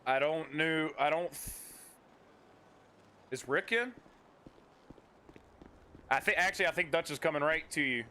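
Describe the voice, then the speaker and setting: A man streaming a roleplay game, chatting casually between hesitant pauses and laughs. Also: fairly high pitch, sharp tone, a little hiss or hum. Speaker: streamer playing a roleplay server. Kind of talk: casual gaming chat.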